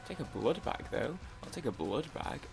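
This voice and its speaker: A young man commenting casually on his own gameplay, rambling and excitable, with frequent restarts. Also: mid-range voice, moderate pace, vocal fry, over music. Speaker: gaming YouTuber. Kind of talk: casual let's-play commentary.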